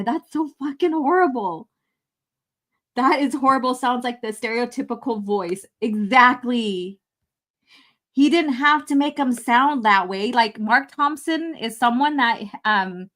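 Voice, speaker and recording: A woman's voice: fairly high pitch, a bit bright. A woman live-streaming a fan film review, talking casually, laughing and swearing often.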